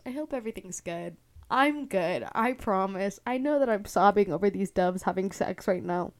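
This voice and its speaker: Speaking at normal speed with a medium pitch and animated delivery, a young Bay Area woman rambles through her casual solo podcast. Fillers pile up, and she's quick to laugh.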